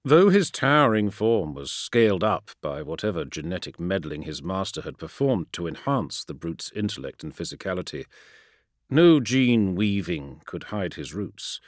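A male audiobook narrator with a fairly low voice, reading a dramatic story with lively swings in pitch. His delivery is expressive and shaped for suspense. The recording is close and dry. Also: dry recording. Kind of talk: scripted narration.

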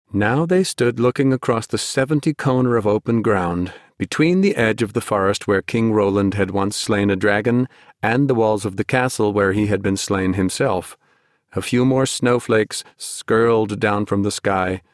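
This is a male audiobook narrator delivering scripted storybook narration at an even, measured pace. He speaks in a low register, captured close and dry without any echo or sense of a room.

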